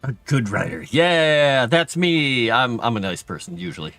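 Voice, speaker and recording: A middle-aged man hosting a livestream, chatting casually with his viewers and telling stories from his childhood in a self-deprecating way, with a higher pitch when he acts out what others said. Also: big pitch swings, moderate pace, a bit bright, no echo, faint music behind. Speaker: livestream host. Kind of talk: casual storytelling to chat.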